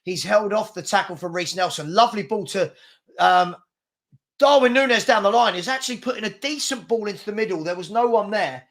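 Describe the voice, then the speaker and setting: A man's voice: high-pitched, animated, brisk, fairly bright tone. A man from England co-hosting a live football stream, commenting on the match and chatting casually, rambling with lots of fillers and restarts.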